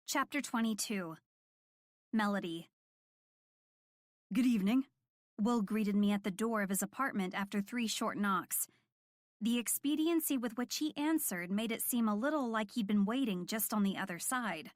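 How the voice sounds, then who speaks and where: Female audiobook narrator, mid-pitched, smitten first-person reading, dry studio sound. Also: moderate pace, no room sound.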